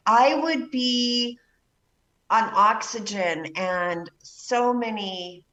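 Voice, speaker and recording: A woman's voice: on the high side, very slow, a bit bright, recorded from a distance, lo-fi sound. A woman hosting a casual talk, reacting expressively with gasps and exclamations. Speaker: host. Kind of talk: casual chat. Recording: roomy echo.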